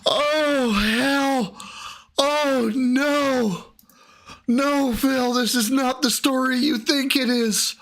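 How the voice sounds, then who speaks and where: A man comments on a video, sarcastic and teasing, swearing as he mocks what he hears. His voice is very high and a bit bright, with fairly even intonation, and he speaks very slowly. It's mocking reaction commentary.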